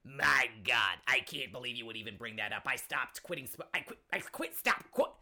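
A man putting on a loud, brassy older mother who hosts her own advice corner, gossipy and indignant and forever saying "seriously". Her voice is gravelly, with a bright, cutting edge. She calls everyone "my dears" and turns every question back to her own troubles. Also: mid-range voice, expressive, moderate pace, exaggerated voice. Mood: exasperated. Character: brassy older woman advice-giver, doting nagging mother. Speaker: advice segment host. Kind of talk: comedy character monologue.

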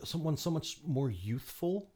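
A man, an actor guest, talking in a casual podcast interview, with halting speech full of restarts and quick laughs. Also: a little high, very animated, darkish tone, husky.

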